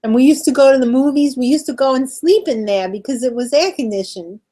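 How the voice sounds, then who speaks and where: A woman chatting casually as a co-host, her voice sitting somewhat high. She talks loosely, laughs often and lets sentences trail off before picking them back up. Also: brisk, mellow. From New York. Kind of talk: casual chat.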